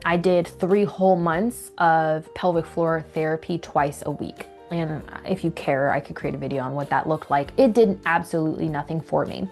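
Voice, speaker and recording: A young woman telling a personal story to camera in a candid, animated way, acting out what people said. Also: on the low side. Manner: candid, animated retelling with acted quotes. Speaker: vlogger.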